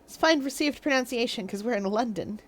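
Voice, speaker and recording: A woman's voice: a little high, a little fast. A woman streamer in playful, rambling casual chat while playing a game.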